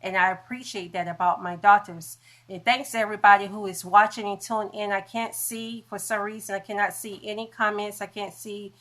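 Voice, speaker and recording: A woman's voice: mid-range voice, steady tone, a little fast, a bit bright. A woman hosting a casual livestream from her phone, chatting and stumbling over medical words. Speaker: livestream host.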